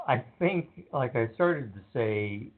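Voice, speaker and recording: A man in a casual conversation, telling anecdotes about his work in a relaxed way and acting out what others said. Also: medium pitch, extremely slow, breathy edge. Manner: relaxed, anecdotal, acts out quotes. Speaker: author being interviewed. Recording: narrow phone-like sound.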